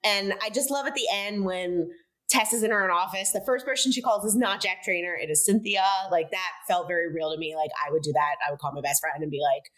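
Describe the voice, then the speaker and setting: A woman co-hosting a casual film podcast, animated and giggly, asking playful questions. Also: lowish voice, fairly quick. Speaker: podcast co-host.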